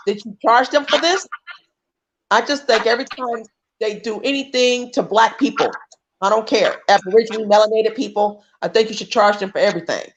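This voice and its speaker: A woman's voice: a little high, brisk, a little hiss or hum, poor audio. A woman talking on a livestream call as a guest, emphatic and often restarting her sentences. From United States. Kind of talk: casual chat.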